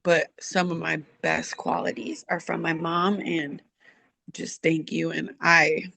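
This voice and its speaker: Bright, earnest woman coach. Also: low voice, flat delivery, slow pace, creaky, dry recording. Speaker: guest coach. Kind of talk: heartfelt interview answers.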